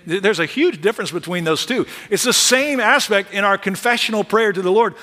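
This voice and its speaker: Male pastor, sermon, punchy and high-ish, conversational with jokes, long church reverb. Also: a little fast, few pauses. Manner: lively, conversational preaching with humorous asides. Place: large church sanctuary. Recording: long reverb of a large hall.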